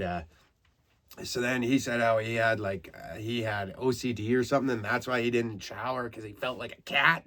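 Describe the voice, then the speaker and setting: A low-pitched man from Canada tells rambling comic stories on his podcast, swearing freely. He drifts through loose asides, then gets loud and animated when he acts out the moments. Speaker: comedian, podcast host. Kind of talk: casual comic storytelling.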